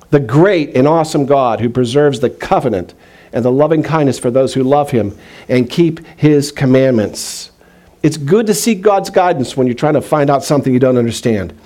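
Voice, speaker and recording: A man pastor giving a conversational sermon, reading scripture aloud slowly and earnestly. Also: on the high side, darkish tone.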